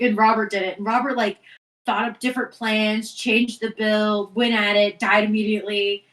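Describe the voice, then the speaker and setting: Chatty female co-host, mid-pitched, echoey room, distant mic. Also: fairly bright tone. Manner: chatty recounting with quick interjections. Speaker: podcast co-host. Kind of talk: casual family chat.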